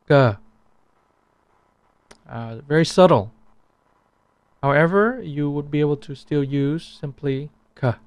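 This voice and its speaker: Slow, gravelly-voiced man teaching pronunciation. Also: mid-range voice, no echo. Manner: slow, repeats sounds for comparison. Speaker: language teacher. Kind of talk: pronunciation lesson.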